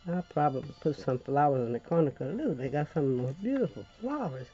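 A woman's voice: low voice, animated, fast, warm tone, muffled recording, faint music behind. An older woman with a Louisiana accent hosting a chatty crafting tutorial, folksy and rambling, calling viewers honey.

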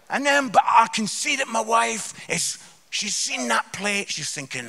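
A man in his fifties tells funny stories from the stage with an animated, exclaiming delivery. His voice sits high and swoops widely, with a gravelly edge. The sound carries a long reverb from a church hall. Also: normal speed. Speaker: guest speaker comedian. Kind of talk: comic storytelling sermon.

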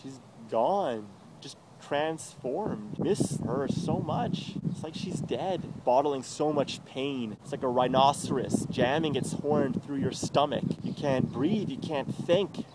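A man's voice: mid-range voice, slow pace, few pauses, heavy background noise. A man delivering a bitter, agitated confessional vlog monologue with heavy swearing, recorded outdoors by a road.

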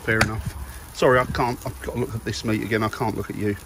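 A man's voice: fairly low pitch, flat delivery, fast talker, a bit bright, a little hiss or hum. Jokey man chatting in his garden. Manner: jokey, self-mocking, chatty. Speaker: vlogger. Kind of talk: casual family vlog chat. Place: garden outdoors.

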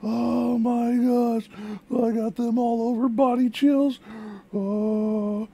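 A woman voicing an excitable female puppet who hosts a music reaction vlog, gushing and exclaiming with lots of repeated words. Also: a little high, slow pace. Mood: excited. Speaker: reaction video host.

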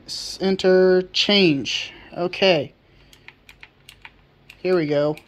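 Chatty woman vlogging a repair. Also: on the low side. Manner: chatty, thinking aloud, frequent restarts. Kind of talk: casual vlog narration.

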